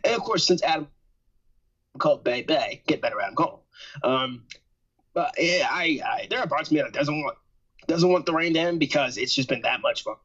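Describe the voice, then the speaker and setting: A man chats about wrestling as a podcast co-host, rambling and restarting his thoughts with a joking edge. His voice is slightly breathy and husky. The recording sounds muffled and lo-fi. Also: a little high, expressive, a little fast, fairly bright tone. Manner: rambling, repeats himself, jokey. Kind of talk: casual wrestling chat.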